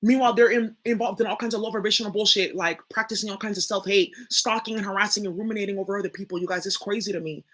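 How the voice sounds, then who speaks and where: Profane, bright-voiced young woman ranting. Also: mid-range voice, steady tone, racing, hardly any pauses. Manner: blunt, profane and emphatic, addresses viewers directly. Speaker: spiritual reader and channel host. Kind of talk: casual spoken monologue.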